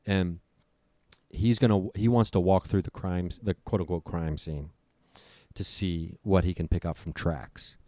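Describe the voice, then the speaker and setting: A young man with a low, deep voice recounts a scary night in casual conversation. He talks vividly and profanely, slipping into the voices of the people in the story. The recording is close and dry. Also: fairly even intonation, unhurried, warm tone, no echo. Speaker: storyteller guest.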